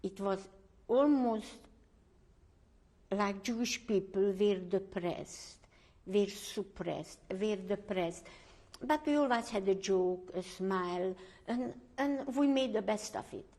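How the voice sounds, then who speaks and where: Slow, halting older woman testifying. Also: mid-range voice, a little mellow. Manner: slow, searching for words, pauses and restarts. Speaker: Holocaust survivor interviewee. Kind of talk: oral history testimony.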